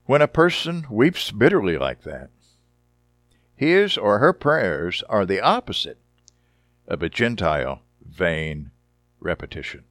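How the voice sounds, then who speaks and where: A man preaching a sermon, reading Bible passages dramatically and deliberately and adding short wry comments. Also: lowish voice, sing-song, fairly bright tone, no echo, clean studio sound. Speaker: Bible teacher.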